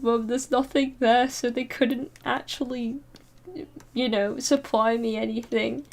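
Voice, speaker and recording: A woman's voice: fairly high pitch, darkish tone. A young woman chats on her stream mic, winding through a personal story in fits and starts. She trips over her words, circles back, and breaks into small nervous laughs. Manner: rambling, halting, with frequent fillers and nervous laughs. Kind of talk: casual storytelling chat. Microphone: streaming microphone.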